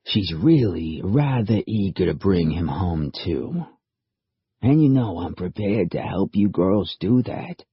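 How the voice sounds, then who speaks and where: Calm, coaxing male interrogator in an audiobook, read by a male narrator; low, husky, dry. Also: slow, no room sound, heavily acted. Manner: casual, coaxing. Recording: dry, slightly dull audiobook recording.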